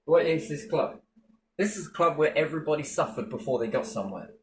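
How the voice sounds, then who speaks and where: A man's voice: fairly high pitch, lively intonation, a little fast, slight background noise. A man delivering a mocking, sweary monologue with big sarcastic swings in tone.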